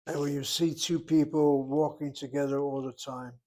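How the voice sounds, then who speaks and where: An older man teaching a Hebrew class, patiently explaining and slowly spelling out words. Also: fairly high pitch, little pitch movement, mellow. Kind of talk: classroom lesson.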